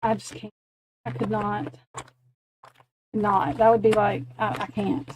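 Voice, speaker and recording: A woman's voice: medium pitch, little pitch movement, measured pace, slight background noise, low-quality recording. A woman in her forties chatting casually on a late-night stream, telling rambling, profane stories and laughing often. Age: 40s. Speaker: livestream host.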